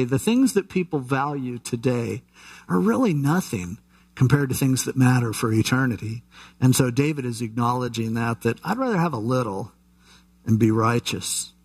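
A male pastor gives a Bible-teaching sermon in an unhurried, conversational way. His voice sits at an ordinary middle pitch. He talks in loose, chatty asides and often restarts his sentences. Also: expressive, darkish tone.

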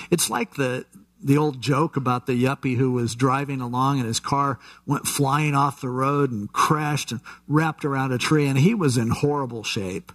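A male pastor gives a Bible-teaching sermon in an unhurried, conversational way. His voice sits at an ordinary middle pitch. He talks in loose, chatty asides and often restarts his sentences. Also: a bit bright.

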